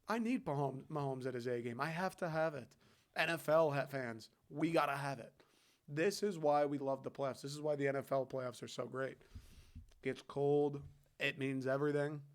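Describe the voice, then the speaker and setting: A man hosting a podcast, talking sports in a loose, profanity-heavy, fired-up rant and calling his listeners "dude". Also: a little high. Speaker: podcast host. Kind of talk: casual sports talk.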